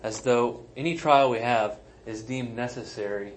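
A man's voice: mid-range voice, moderate pace, a little hiss or hum, low-quality recording. A man, a pastor, preaching a sermon in a conversational, emphatic way with self-deprecating asides. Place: church sanctuary.

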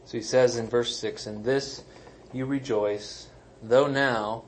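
A man's voice: medium pitch, steady tone, slow pace, a little hiss or hum, rough recording. A man, a pastor, preaching a sermon in a conversational, emphatic way with self-deprecating asides. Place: church sanctuary.

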